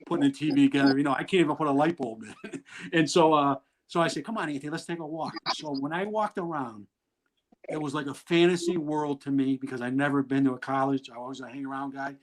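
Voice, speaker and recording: Through a rough recording comes a medium-pitched man with a steady tone and quick pace. As a middle-aged guest in a video-call interview, he tells candid, rambling, blunt stories while laughing through them.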